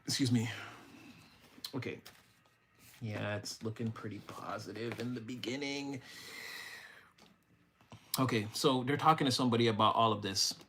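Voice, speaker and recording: A young man reads tarot live to his viewers in a loose, rambling way, cursing casually and getting openly emotional as he goes. His voice sits at an everyday middle pitch. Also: fairly even intonation, normal speed, pauses often, bright, forceful tone, a little hiss or hum. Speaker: tarot reader. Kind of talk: live-streamed tarot reading.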